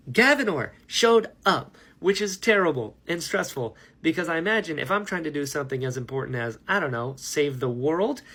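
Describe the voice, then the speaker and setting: A man's voice: a little high, a bit bright. A man talking casually to camera about a book he is reading, rambling and enthusiastic, laughing at himself. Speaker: book vlogger. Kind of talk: casual book reaction vlog.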